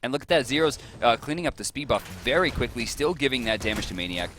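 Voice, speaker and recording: A man's voice: medium pitch, expressive, quick pace, noisy background. A man doing color commentary on an esports match, with dry, sarcastic asides. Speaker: esports co-caster.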